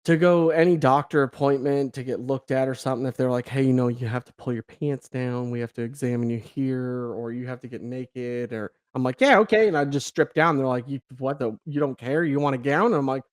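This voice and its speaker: A young adult man, a podcast guest, telling a story with lively quoted dialogue, casual swearing and laughter. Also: mid-range voice, fairly quick, hardly any pauses.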